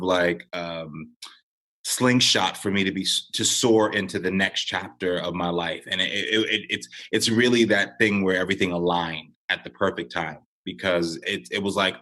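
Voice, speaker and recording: Man in his thirties, low-pitched, earnest and reflective podcast guest. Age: 30s. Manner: earnest, reflective, animated when telling stories. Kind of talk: podcast conversation.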